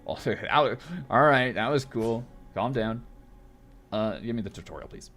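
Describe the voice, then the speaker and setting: A man's voice: mid-range voice, moderate pace, a bit bright, soft background music. A man casually commentating while he plays a video game, joking and reading on-screen text aloud. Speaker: gaming video host. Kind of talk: casual let's play commentary.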